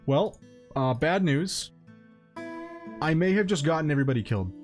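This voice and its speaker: A man streams a colony game and talks it through in a loose, wry way. He chides his little characters out loud. Faint guitar music plays under his voice. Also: expressive, moderate pace. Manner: wry, talks to his game characters, swings into high-pitched exasperated yelps. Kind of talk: casual gameplay commentary.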